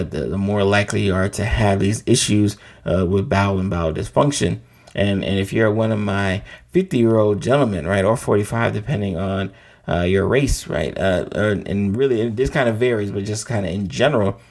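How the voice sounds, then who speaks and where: A man's voice: on the low side, darkish tone. A middle-aged man, a physician hosting a show, explaining checkups in a casual, conversational way, tagging lines with "right?". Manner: conversational, frequent "right?" asides. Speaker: physician host. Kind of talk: casual educational talk.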